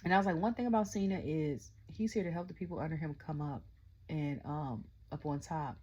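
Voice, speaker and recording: A middle-aged woman casually recapping a wrestling event, excitable and chatty, constantly retelling her own reactions. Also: sits low, a little fast, husky, highs cut off. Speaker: wrestling show reviewer. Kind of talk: casual rant-style recap.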